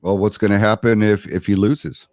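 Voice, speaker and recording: Low-voiced man hosting a podcast. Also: steady tone, normal speed, darkish tone, no echo, studio quality. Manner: casual, hesitant, with many fillers. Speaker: podcast host reading chat comments. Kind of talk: casual political discussion.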